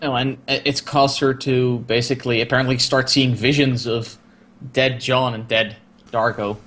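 A man's voice: mid-range voice, normal speed. Laid-back man chiming in. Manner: relaxed, chiming in with brief agreement. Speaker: podcast co-host. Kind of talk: casual chat recapping a TV episode.

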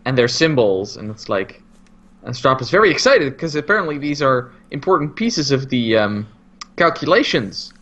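A man's voice: mid-range voice, moderate pace, lo-fi sound. A man co-hosting a podcast, casually adding details to a TV episode recap. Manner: lively, chimes in with added detail. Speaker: podcast co-host. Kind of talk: casual chat.

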